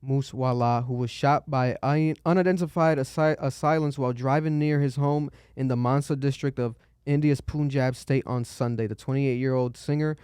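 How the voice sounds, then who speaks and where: Animated young man with a smooth voice. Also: moderate pace, hardly any pauses, no echo, studio quality. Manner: animated, swearing, voice jumps high when exasperated. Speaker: podcast host. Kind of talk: casual podcast chat.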